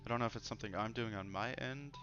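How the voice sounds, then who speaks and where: A man's voice: fairly low pitch, fast talker. A man hosting a casual livestream conversation in an easygoing, joking way, reading comments out as he goes. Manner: easygoing, joking, reads chat aloud. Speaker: host. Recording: dull lo-fi stream audio with faint music.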